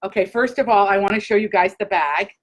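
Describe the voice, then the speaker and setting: A woman hosting a casual live chat, gushing and excitable, talking straight to her viewers. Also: medium pitch, a little fast, poor audio. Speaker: host.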